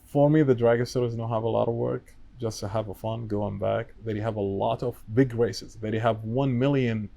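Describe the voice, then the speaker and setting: A man's voice: medium pitch, fairly even intonation, normal speed, vocal fry, mellow. A man chatting casually as a podcast guest, in broken English that is not his first language, talkative and peppered with "you know". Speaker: guest, wiring business owner.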